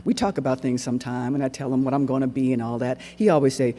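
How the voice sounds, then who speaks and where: A man performing a dramatic monologue on stage, narrating in an animated, dialect-rich storytelling voice. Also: mid-range voice, fast. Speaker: solo performer. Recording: echoey hall recording.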